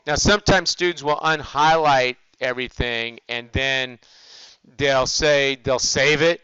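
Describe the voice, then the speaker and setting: Older guy professor talking through quiz answers, bright clear voice, dry dull recording. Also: medium pitch, unhurried, dry recording. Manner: conversational, asks and answers his own questions. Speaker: accounting professor. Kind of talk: recorded lecture.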